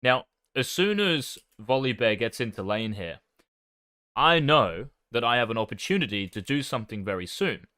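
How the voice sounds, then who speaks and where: A man's voice: mid-range voice, lively intonation, moderate pace, bright, forceful tone, clear, resonant tone, no echo, studio quality. A man casually commenting on his own gameplay as a coach, swearing now and then and making fun of himself. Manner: swears casually, self-deprecating. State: talking with his mouth full.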